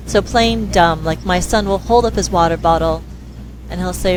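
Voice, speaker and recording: Woman speech therapist chatting in an interview, animated, noisy hum behind her. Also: lowish voice, moderate pace. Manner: lively, acts out quoted dialogue in voices. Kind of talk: conversational interview.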